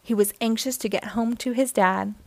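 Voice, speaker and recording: A woman reading a children's picture book aloud in a gentle storytelling manner. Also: fairly high pitch, fairly even intonation, moderate pace, no room sound.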